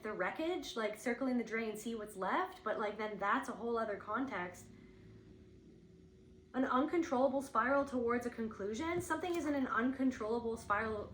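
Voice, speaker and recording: A woman's voice: on the high side, echoey room, slight background noise, rough recording. A woman giving an intuitive spiritual reading, thinking aloud in a searching, rambling way, with lots of "like". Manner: searching, rambling, heavy use of "like".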